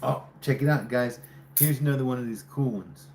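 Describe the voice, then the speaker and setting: A man hosts a relaxed livestream, talking straight to his viewers in a loose, teasing way as he tries to guess their names. His voice sits at an ordinary middle pitch. A faint hum of noise runs underneath. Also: brisk. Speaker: livestream host. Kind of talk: casual live-stream chat with viewers.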